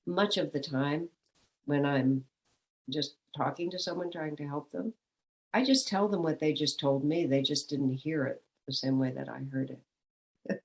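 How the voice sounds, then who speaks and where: A woman's voice: low voice, low-quality recording. A woman, a spiritual teacher, giving a reflective satsang talk and asking questions aloud.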